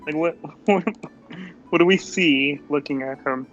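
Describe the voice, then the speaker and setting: A man's voice: on the high side, measured pace, a bit bright, dull audio, faint music behind. A man playing in a tabletop game, casual and full of questions. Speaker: player. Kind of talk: in-character tabletop play.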